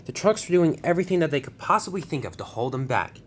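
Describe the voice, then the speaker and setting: A man tells a toy train story in a plain storybook manner, his pitch moving a lot. He sometimes trips and restarts a sentence. A faint low hum sits behind him. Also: big pitch swings, fast talker. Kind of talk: storybook narration.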